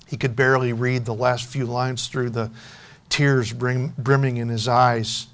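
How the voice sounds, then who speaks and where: A man preaching a sermon, telling a story and making an earnest, softening appeal to his congregation. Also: medium pitch, little pitch movement, normal speed. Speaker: pastor.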